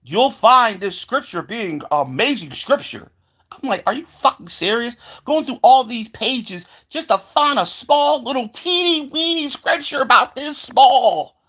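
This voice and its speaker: Speaking in an animated, slightly bright, medium-pitched voice at a measured pace, this solo vlogger delivers a profane rant straight to camera. The tone is heated and sarcastic, with constant swearing and stumbles into the same filler words again and again.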